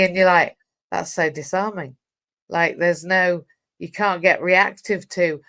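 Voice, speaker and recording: Woman, host, chatty storyteller, slightly low voice. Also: moderate pace. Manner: lively storytelling with quoted voices and laughs. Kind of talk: casual conversational interview.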